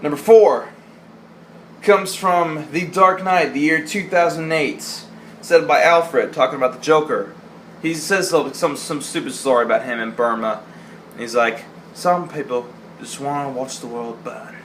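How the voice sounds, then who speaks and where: A young man in a casual vlog counts down his favorite movie lines, joking, swearing, and doing goofy voices for the quotes. His voice is fairly high and a bit bright, his pace measured, with a little hiss or hum on the recording.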